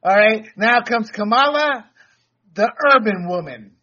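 A man's voice: high voice, animated, a little slow, bright, forceful tone, dull audio. A man hosting a casual talk show, rambling off topic and laughing often. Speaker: podcast host. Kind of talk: casual chat.

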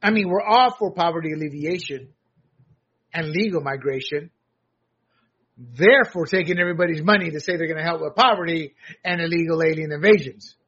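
A man's voice: on the high side, a little fast, fairly bright tone, slightly rough, muffled recording. An American man giving blunt, sarcastic solo commentary, often restarting his sentences. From United States.

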